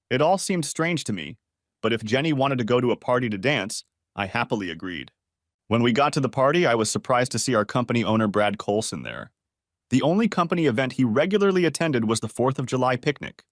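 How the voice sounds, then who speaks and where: A man reading a first-person story aloud as a channel narrator, in a steady, even manner. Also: mid-range voice, no room sound, studio quality.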